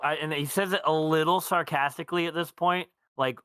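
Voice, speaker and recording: A man's voice: on the high side, steady tone, fairly quick, few pauses, fairly bright tone, clean tone, no echo. A man playing a tabletop game, dry and sarcastic, switching between speaking in character and describing actions. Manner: dry, sarcastic, mixing in-character lines with narration. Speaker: player. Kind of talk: tabletop role-play.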